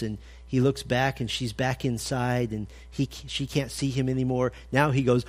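A man's voice: mid-range voice, unhurried, slightly rough. A man giving a conversational sermon at a men's breakfast. He talks with energy and humor, puts direct questions to his listeners, and acts out little scenes. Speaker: men's ministry speaker.

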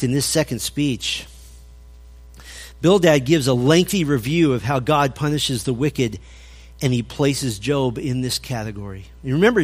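A male pastor preaching through scripture, reading verses aloud and commenting with dry irony, with occasional stammered restarts. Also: fairly high pitch. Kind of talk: expository sermon.

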